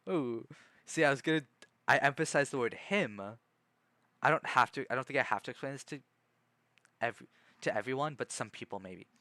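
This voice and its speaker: A man's voice: medium pitch, normal speed, long pauses, pushed and bright, no room sound. A man streaming casually, reading a book aloud and rambling with many self-corrections.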